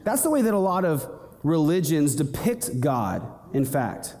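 A young man preaching a sermon in an animated way, acting out little scenes and voices as he goes. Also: a little high, unhurried. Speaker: pastor. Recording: long hall reverb.

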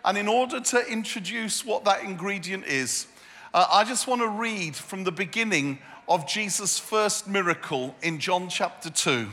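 Male preacher, high bright voice, playful repetitive delivery, big reverberant hall. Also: normal speed. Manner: humorous, self-deprecating storytelling with repeated phrases. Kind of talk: sermon. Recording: echoey hall.

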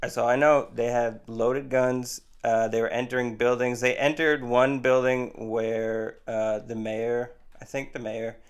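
A man's voice: mid-range voice, level tone, measured pace, hardly any pauses, clean tone. A man co-hosting a podcast in casual, joking conversation. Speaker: podcast co-host. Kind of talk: casual chat.

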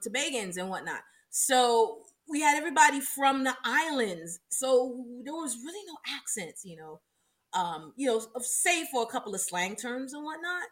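A woman from South Florida, co-hosting a podcast and reminiscing in casual chat, animated and quick to laugh as she acts out old quotes. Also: a little high. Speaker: podcast co-host.

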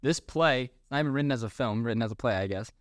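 A man co-hosting a casual movie-review chat, talking in an incredulous, animated way and laughing often. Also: mid-range voice, fast, no room sound, studio quality. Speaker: podcast co-host.

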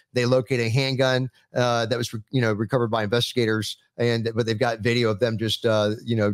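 A man's voice: medium pitch, dry recording, clean studio sound. A man hosting a panel chat, who reads out news stories with many fillers and restarts. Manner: halting, lots of fillers. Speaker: podcast host.

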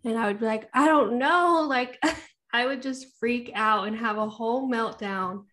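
A woman's voice: a little high, fairly even intonation, moderate pace, fairly bright tone. A woman co-hosting a podcast, chatting in a confiding way, laughing often and swearing casually. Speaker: podcast co-host. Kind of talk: candid casual chat.

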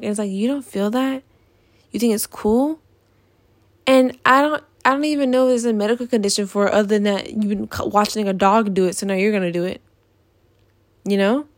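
A woman's voice: medium pitch, no echo. Young woman ranting, dry close sound. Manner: profane, exasperated ranting. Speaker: vlogger. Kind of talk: casual ranting vlog.

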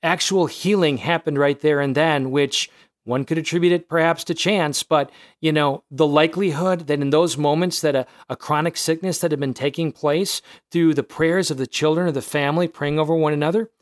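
A man's voice: fairly high pitch, fairly even intonation, moderate pace, dry recording, clean studio sound. A man hosting a podcast, talking earnestly and encouragingly in long winding sentences. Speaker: podcast host. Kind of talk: casual faith discussion.

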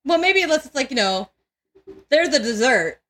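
A woman's voice: high voice, very animated, moderate pace, sharp tone. Joking, crude woman podcast co-host. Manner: crude, joking, laughs often, stumbles over words. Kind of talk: casual podcast chat.

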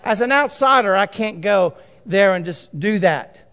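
A man's voice: high-pitched, expressive, measured pace, creaky, fairly bright tone. A man preaching a sermon, emphatic, repeating and drawing out key phrases. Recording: long hall reverb.

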